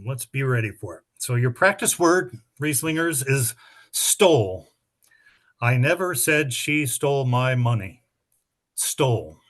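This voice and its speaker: A man's voice: mid-range voice, lively intonation, a little slow, a bit bright. A middle-aged man hosting a spelling bee, explaining the rules and reading words and sample sentences with dry, chatty asides.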